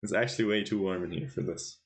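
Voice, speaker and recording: A man commentates a chess tournament on his live stream, playfully teasing his chat and quizzing viewers. He talks fast in a lowish voice.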